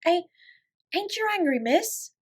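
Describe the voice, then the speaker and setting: A frightened young scullery maid with a Cockney accent, as a woman reads her. She stammers and gasps, her voice pitched high and swinging widely in fear. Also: big pitch swings, moderate pace, sharp tone, full character voice. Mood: anxious. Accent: attempted Cockney. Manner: stuttering, breathless, fearful.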